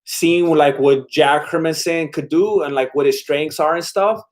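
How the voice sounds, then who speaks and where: Man, higher-pitched, casual live-stream host, rambling, lots of "like". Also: a little slow. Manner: rambling and laid-back, many "like" fillers. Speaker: livestream host. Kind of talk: casual live-stream chat reacting to viewer comments.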